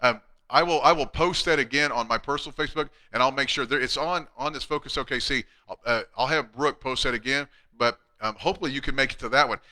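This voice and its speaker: A man's voice: mid-range voice, quick pace, pushed and bright. A middle-aged man, a chiropractor hosting a casual live Q&A, talking bluntly and chattily. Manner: blunt, chatty, reads out viewer questions.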